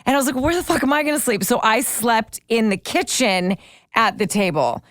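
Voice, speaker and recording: A woman's voice: a little high, expressive, brisk, a bit bright, no echo. A woman guest on a podcast, casually telling a travel story and swearing now and then. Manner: laid-back, profane storyteller. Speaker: guest, host's best friend.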